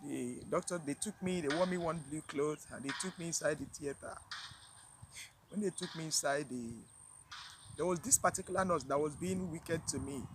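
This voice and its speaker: A woman's voice: low-pitched, noisy background. Emotional woman telling her story. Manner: halting, repeats herself, sighs. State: emotional, near tears. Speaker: vlogger. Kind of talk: personal storytelling to camera.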